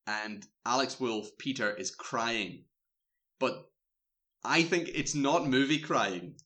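A man's voice: medium pitch, takes it slowly. A man in casual chat, retelling a film's plot with lots of fillers and restarts. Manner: rambling, filler-heavy, animated retelling. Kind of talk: casual chat recapping a film.

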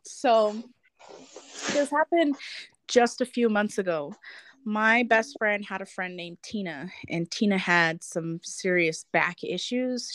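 A woman's voice: mid-range voice, no room sound. A woman in her thirties, a guest on a talk show, telling a personal story in a chatty way with many fillers and easy laughs. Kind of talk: casual storytelling.

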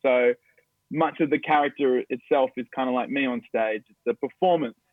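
A man's voice: mid-range voice, normal speed, no echo. A young Australian man, a stage actor, chatting upbeat and telling stories in an interview. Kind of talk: casual interview chat. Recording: dry tinny phone-like line.

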